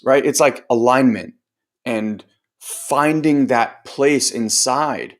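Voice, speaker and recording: A male coach talking through a casual group training session in a loose, rambling way. He swears now and then, leans on fillers like "like" and "right," and slips into other people's voices when he quotes them. His voice sits at an average pitch for a man. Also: takes it slowly. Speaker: host and personal growth coach.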